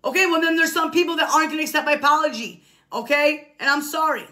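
A woman's voice: high-pitched, fast talker, bright, forceful tone. A woman talking casually on a live stream, defensive and repeating herself insistently.

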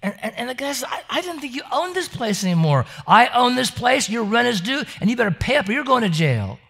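A man's voice: extremely high pitch, big pitch swings, a little fast, gravelly, fairly bright tone, husky. A man preaching a sermon, telling stories with frequent stammering restarts and acting out the characters' voices. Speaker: pastor. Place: church service.

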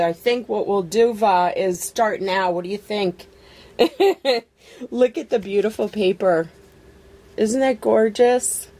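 A woman vlogger with a creaky mid-range voice unboxes a craft swap package while chatting casually. She gushes over every item with excited exclamations.

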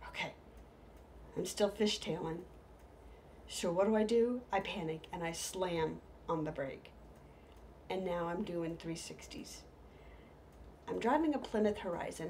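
A woman's voice: lowish voice, slight background noise. Middle-aged woman telling funny stories. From United States. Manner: lively, with hushed whispered asides. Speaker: storyteller. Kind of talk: humorous stage storytelling.

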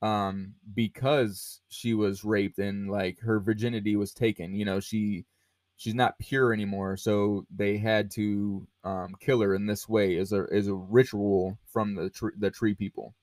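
A man's voice: on the low side, level tone, measured pace, a little mellow, dry recording. A man hosting a podcast, talking about a film casually with lots of fillers and restarts. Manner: rambling, many fillers and restarts. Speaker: podcast host.

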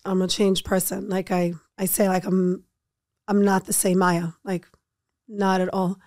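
A woman speaking as a guest on a podcast, talking casually and turning soft and halting at the painful moments. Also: medium pitch, little pitch movement, no echo, studio quality. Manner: soft-spoken, halting when speaking of grief. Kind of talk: casual interview conversation.

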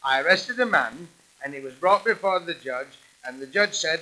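A male comedian doing 1920s music-hall patter as a bumbling policeman. His voice is high, very bright and lively, bouncing up and down. He drives quickly toward each punchline.

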